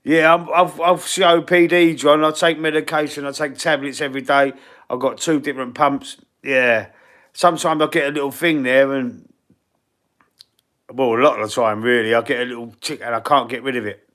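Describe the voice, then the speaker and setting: A Cockney man from East London answers viewer questions on a live stream, his breathing husky and wheezy throughout. He talks bluntly and casually, with plenty of slang, and his voice sits at an ordinary middle pitch for a man. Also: fairly even intonation, moderate pace, a bit bright. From East London, England. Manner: blunt, slangy and chatty, calling viewers bro and mate. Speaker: fan channel live streamer.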